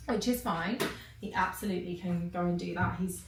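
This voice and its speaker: A woman's voice: fairly low pitch, fairly even intonation, a little fast, background noise. A woman, talking candidly and emotionally to camera in a casual vlog. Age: 30s. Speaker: vlogger. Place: in a parked car and at the gym.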